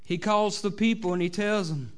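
A man with a Southern American accent preaching a sermon to a church, swinging between loud exhortation and quiet asides, often saying amen. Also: high-pitched, moderate pace. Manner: preachy, rising and falling between loud exhortation and soft asides, many "amens". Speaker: pastor. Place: church sanctuary.

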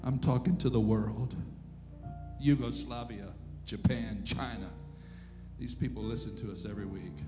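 A man preaching a sermon as pastor, animated, shouting and acting out quotes, now and then laughing at himself. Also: medium pitch, moderate pace, in a large hall, music in the background. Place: church sanctuary.

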